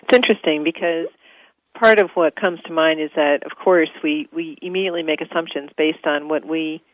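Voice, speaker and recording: A woman's voice: sits low, fairly even intonation, moderate pace, dry recording. A woman radio host responding thoughtfully in an interview, over tinny phone-like audio.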